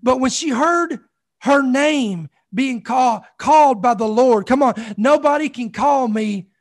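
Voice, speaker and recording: A man's voice: very high voice, unhurried. A man preaching a sermon with fervor, building up repeated phrases and calling out "come on" to the congregation. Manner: fervent, repetitive preaching with calls of "come on".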